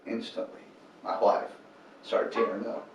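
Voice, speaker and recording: Speaking unhurriedly in a fairly low voice, this homeless ministry founder shares earnest faith stories during an interview, animatedly acting out people's words. The recording has a roomy, distant-mic sound with a bit of faint noise.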